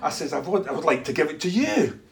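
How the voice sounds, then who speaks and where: A man tells a church testimony in an animated storytelling way, slipping into other voices for the people in his story. His voice sits a little high for a man, and he laughs as he goes. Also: quick pace. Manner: animated, acts out dialogue, laughs often. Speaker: preacher telling a testimony.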